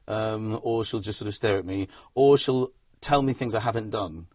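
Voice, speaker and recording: A man's voice: lowish voice, moderate pace, few pauses, a little mellow, no echo, studio quality. A comedian in a casual interview, rambling and self-deprecating, laughing often at his own stories. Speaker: comedian guest.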